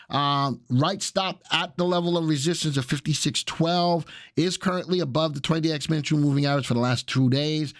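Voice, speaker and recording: A man with a Southern US accent and a voice on the high side hosts a live stock analysis show, chatting casually with viewers as he walks through charts. The sound is clean studio audio with no echo.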